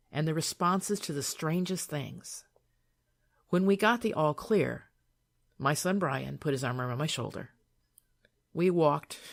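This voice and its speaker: An older woman reading her own memoir aloud in a calm, soothing, measured way. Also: low-pitched, creaky.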